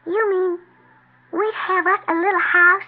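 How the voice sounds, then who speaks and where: An actress playing a skeptical, wisecracking frontier sweetheart in 1940s radio acting. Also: female voice, extremely high pitch, steady tone, measured pace. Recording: tinny old radio broadcast.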